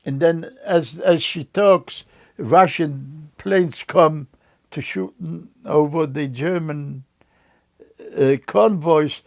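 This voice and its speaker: An older man recounting memories in an interview, telling his story in a slow, halting way with frequent restarts. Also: a little high, creaky.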